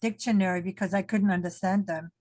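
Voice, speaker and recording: A woman student joins the class over a video call and chats eagerly, quick to add her own story. Her voice sounds dry and close. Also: mid-range voice, fairly even intonation, darkish tone, dry recording. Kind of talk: casual chat in class.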